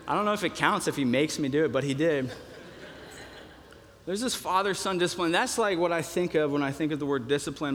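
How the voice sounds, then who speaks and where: Young male preacher, slightly high voice, chatty sermon delivery full of fillers, big hall reverb. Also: normal speed, fairly bright tone. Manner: conversational, with many fillers and restarts.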